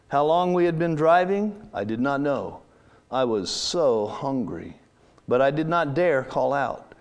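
In a church setting, a man tells a story in the first person, reading slowly and dramatically with long, drawn-out pauses. His voice sits on the high side with a darkish tone.

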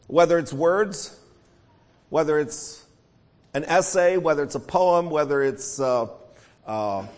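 American preacher with a slightly high voice. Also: male voice. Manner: singing hymn lines between teaching; reads scripture aloud. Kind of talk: sermon.

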